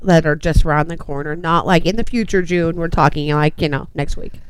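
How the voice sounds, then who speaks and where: A woman co-hosting a casual radio chat, giggly and full of "like", with a lively delivery. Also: low-pitched, brisk, a little hiss or hum, rough recording. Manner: lively, giggly, says "like" often. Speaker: radio show co-host.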